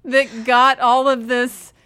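A woman's voice: high voice, flat delivery, takes it slowly, bright, forceful tone, smooth, no echo. A woman co-hosting a podcast with dry, teasing humor in casual chat. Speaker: podcast co-host. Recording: noticeable background noise.

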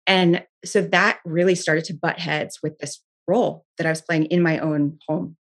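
Low-voiced woman, candid and earnest. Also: fairly even intonation, moderate pace. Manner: earnest, frequent filler "like", restarts. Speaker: interview guest. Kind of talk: candid personal storytelling.

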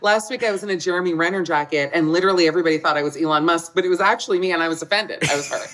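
A woman comedian in her forties chatting as a podcast guest, an animated, self-mocking storyteller who laughs often. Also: on the low side, racing. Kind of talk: casual comedic chat.

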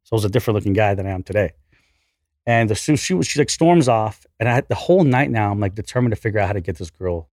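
Fast-talking man in his forties telling a story. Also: on the low side, dry recording, clean studio sound. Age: 40s. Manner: animated, profane, self-deprecating storyteller. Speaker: podcast guest. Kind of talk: casual storytelling.

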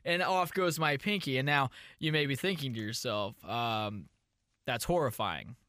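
A man hosting a casual advice podcast, telling absurd stories in a rambling, deadpan way. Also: mid-range voice, a little slow, no room sound. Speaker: podcast host.

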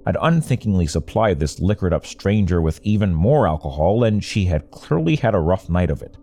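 A young man tells a first-person story in a wry, conversational manner. His voice sits low and mellow. His pitch moves in lively swings as he narrates. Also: fairly quick.

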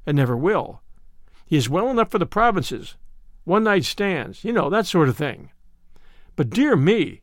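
A man's voice: high voice, no echo, studio quality. A man narrating a classic novel in a theatrical, brash first-person voice. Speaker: audiobook narrator.

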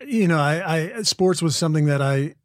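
A middle-aged man from the Midwest, an actor guest chatting casually in an interview, telling stories in a relaxed, rambling way with many restarts. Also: on the high side, normal speed, no echo, clean studio sound. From American Midwest.

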